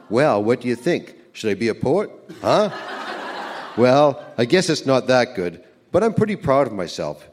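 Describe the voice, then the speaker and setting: A man's voice: medium pitch, very animated, moderate pace, darkish tone, husky. A young man talking as if recording letters to his wife, joking and laughing often. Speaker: letter writer. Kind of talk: reading old tape letters aloud.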